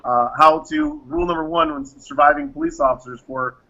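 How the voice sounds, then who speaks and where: A man who founded a private security firm answers interview questions emphatically, acting out the exchanges he recounts. His voice is on the high side, gravelly, pushed and bright, a little fast, with wildly swooping pitch. The audio is dull and lo-fi.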